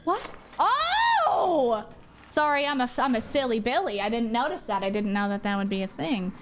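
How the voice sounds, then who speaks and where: A young woman streaming a horror game from her home office, excitable and jokey, swearing and jumping into squeals. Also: fairly high pitch, quick pace, background noise. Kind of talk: live gameplay commentary.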